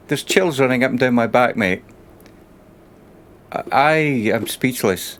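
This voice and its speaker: A man's voice: mid-range voice, a little slow. A man streaming a bus-driving game, chatting and thanking viewers in an emotional, rambling way.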